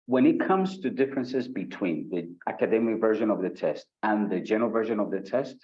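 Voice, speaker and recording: A man with a low voice leads a live online exam-prep session. He talks lively, asks the audience questions and reads their chat comments aloud. The sound is dull, lo-fi stream audio. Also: a little fast. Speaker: IELTS instructor. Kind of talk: live online webinar lesson.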